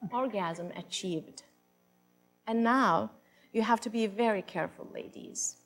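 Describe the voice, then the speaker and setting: A woman on stage reads a live comic monologue in a mid-range voice at a slow pace, with soft music behind her. She plays a brash, worldly woman who coaches other ladies, bossing and instructing them between theatrical, swooping moans and sighs.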